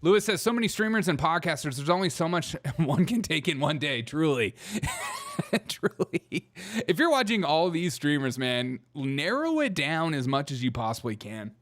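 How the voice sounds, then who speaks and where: A man's voice: fairly high pitch, sing-song, brisk, few pauses, a bit bright. Wry joking male live-stream host. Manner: wry, joking, laughs often. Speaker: streamer host reacting to clips. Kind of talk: casual live-stream commentary.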